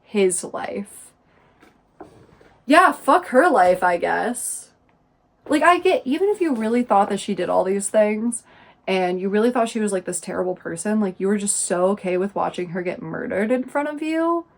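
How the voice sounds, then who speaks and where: Woman going through a book recap, sarcastic and indignant, mid pitch, lots of likes. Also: animated, normal speed, vocal fry, darkish tone. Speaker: book reviewer.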